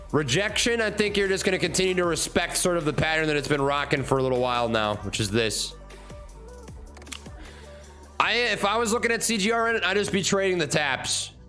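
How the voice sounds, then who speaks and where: A man's voice: sits high, bright, forceful tone. A man hosting a live stock trading stream, talking casually through charts with repeats and fillers, faint music behind. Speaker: livestream stock trading host.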